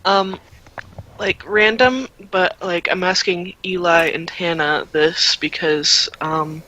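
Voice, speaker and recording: A player at a tabletop role-play session speaks very slowly, pausing often and hesitating. The voice has a bright, forward tone. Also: medium pitch, steady tone, rough recording. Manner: hesitant, many pauses. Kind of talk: casual table talk and narration.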